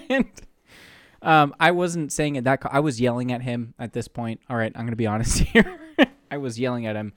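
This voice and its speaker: Animated young man telling a story. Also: mid-range voice, normal speed, no room sound, studio quality. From Pacific Northwest. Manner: laughs often while telling a story, swears freely. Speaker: podcast co-host. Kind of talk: casual storytelling chat.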